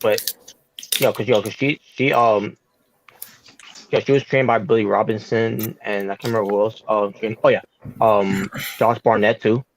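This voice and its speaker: A man's voice: fairly low pitch, steady tone, normal speed, slight background noise, poor audio. A man co-hosting a casual wrestling podcast, rambling with many fillers. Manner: rambling, full of fillers and restarts. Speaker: podcast co-host.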